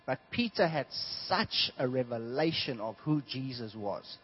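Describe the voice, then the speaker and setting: A man from South Africa preaching a sermon, telling stories in an animated way that swings from hushed to loud. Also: medium pitch, unhurried, husky. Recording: dull lo-fi sound.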